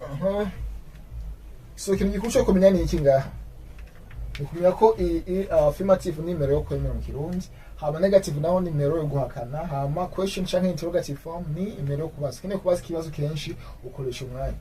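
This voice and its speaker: A man teaching an English grammar lesson, explaining in his own language and repeating English example sentences slowly. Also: fairly high pitch, dark tone, distant mic, slight background noise, poor audio.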